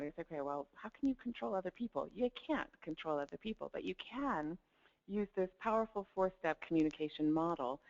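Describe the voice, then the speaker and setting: A woman coach giving a webinar talk, upbeat, laughing lightly between points and demonstrating tones of voice. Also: lowish voice. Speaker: life coach presenting a webinar. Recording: dull lo-fi webinar audio.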